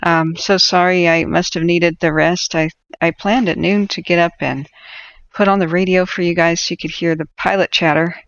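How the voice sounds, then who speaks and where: A woman hosting a casual wildfire-tracking livestream, chatty and halting, out of breath and feverish. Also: on the low side, fairly even intonation, fairly bright tone, highs cut off. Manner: chatty, halting, addresses viewers as friends.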